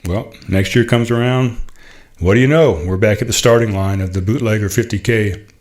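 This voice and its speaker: Low-voiced man telling a story, halting. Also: a little mellow. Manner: halting, many fillers and restarts; heartfelt, proud. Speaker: podcast host. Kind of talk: casual storytelling monologue.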